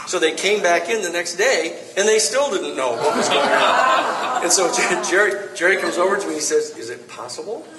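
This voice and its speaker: Guy telling stories at a book talk, kinda high voice, echoey and far off from the mic. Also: very noisy. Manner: animated anecdotes, acts out quoted lines. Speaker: author giving a book talk. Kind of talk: storytelling talk to a live audience. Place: bookstore event space. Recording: roomy echo from far off.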